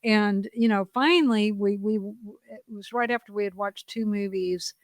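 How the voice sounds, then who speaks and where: A woman's voice: mid-range voice, normal speed, no echo. Candid middle-aged woman podcast co-host. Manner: open, confessional storytelling with lively re-enacted quotes. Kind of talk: candid casual chat.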